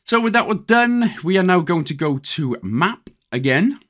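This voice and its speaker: A Welsh man talks the listener through a game walkthrough in a casual, chatty way with the odd joke thrown in. His voice sits a touch high and swings around a lot, keeping the instructions upbeat and easygoing. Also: big pitch swings, normal speed, fairly bright tone. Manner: chatty, jokey, step-by-step instructions. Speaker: gaming channel host.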